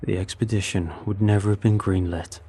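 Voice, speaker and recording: A man's voice: lowish voice, fairly even intonation, fairly quick, warm tone, breathy edge. A man voicing a secretive older male scientist who mutters curt replies.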